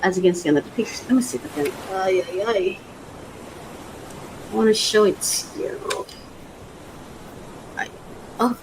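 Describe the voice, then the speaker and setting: A woman's voice: mid-range voice, lively intonation, moderate pace, pauses often, noisy background. A woman hosting her own podcast, chatting casually and bubbly as she unboxes a product, laughing often. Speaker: podcast host.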